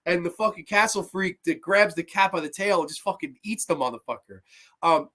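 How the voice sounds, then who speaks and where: A man hosting a casual live-streamed horror movie review, excitable and profane, with lots of fillers. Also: a little high.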